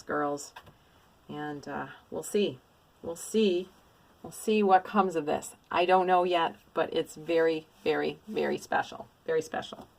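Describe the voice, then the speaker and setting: Gushing, excitable woman crafter vlogger. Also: low voice. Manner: gushing, effusive, exclamatory. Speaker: cross-stitch vlogger. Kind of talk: casual show-and-tell haul.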